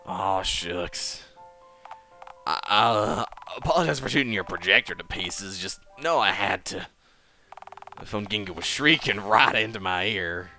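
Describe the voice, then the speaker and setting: A man reading the part of a starched space cowboy with a drawl, calling everyone partner. The voice is bright and forceful, and it sits low. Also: animated, unhurried, soft background music, exaggerated voice. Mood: sheepish. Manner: drawling, says partner and tarnation. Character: space cowboy gunslinger man, gruff and proper.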